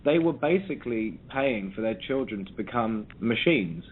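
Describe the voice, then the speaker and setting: A man's voice: mid-range voice, expressive, normal speed. A man from South London, a musician guest talking over a phone line in a reflective way, often restarting his sentences. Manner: reflective, with frequent restarts and ums. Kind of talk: casual interview.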